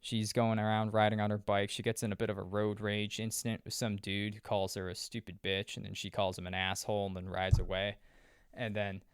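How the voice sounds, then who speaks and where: A man's voice: fairly low pitch, level tone, a little fast, clean tone, no room sound, clean studio sound. A young man recapping a movie in loose, profane casual chat, full of fillers and restarts. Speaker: podcast host reviewing a movie. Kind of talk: casual rambling film recap.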